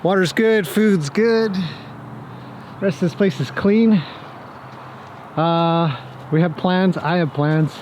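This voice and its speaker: A man's voice: high-pitched, slow, long pauses, a little mellow, slight background noise. Chatty man talking to his horses outdoors. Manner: chatty, joking, talks to the horses. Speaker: horse trainer. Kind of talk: casual vlog talk to camera and horses.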